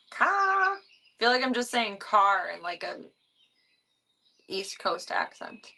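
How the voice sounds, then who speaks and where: A woman's voice: gravelly, pushed and bright. A young woman streaming from home, chatting casually with viewers about her pets, giggly and talkative. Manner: chatty, giggly, talks in a high sing-song baby voice to her cats. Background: bird sounds and fan noise.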